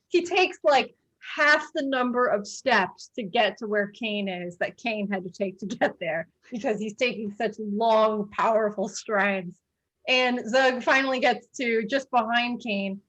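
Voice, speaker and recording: Acting as dungeon master for a tabletop game, a woman rambles through her narration with lots of fillers and frequent giggles. Her voice sits a little high with a fairly bright tone, and she keeps a measured pace.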